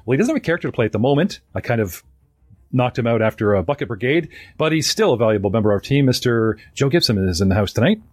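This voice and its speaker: A man's voice: mid-range voice, lively intonation, fast, a little mellow, no room sound, soft background music. A man hosting a live-streamed tabletop game, chatty and rambling as he introduces his players. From North America. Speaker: game master and podcast host.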